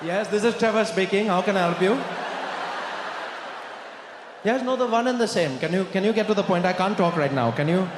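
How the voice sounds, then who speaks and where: A man doing a strained, high disguised voice on a phone call, hurried and evasive. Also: close to an everyday voice. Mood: flustered. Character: man faking a strange high voice on the phone, flustered. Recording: echoey hall with crowd noise.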